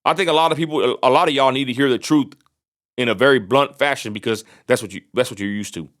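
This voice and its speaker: A blunt, combative man from Texas speaks. His voice sits at an ordinary middle pitch. He rants straight to camera in a vlog and circles back on his own points. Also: quick pace, fairly bright tone. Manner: blunt, combative, repeats himself. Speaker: vlogger. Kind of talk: ranting vlog monologue.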